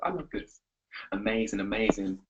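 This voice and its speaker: A man coaching on a live webinar, energetic and repetitive, giving pep talks. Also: fairly low pitch, normal speed, highs cut off, background noise. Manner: energetic, pep-talking, repeats himself. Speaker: confidence coach.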